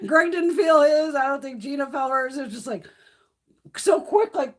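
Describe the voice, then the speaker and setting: A woman in her fifties speaks casually on a live stream at a moderate pace, her voice sitting high. Blunt and quick to swear, she tells her stories with plenty of animation.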